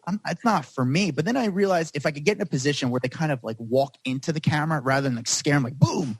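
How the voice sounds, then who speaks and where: A man's voice: a little high, slightly rough, no room sound. A man telling long, rambling stories as a podcast guest, with "like" in nearly every sentence. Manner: rapid, rambling, heavy use of "like". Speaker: paparazzo guest. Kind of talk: storytelling in a podcast interview.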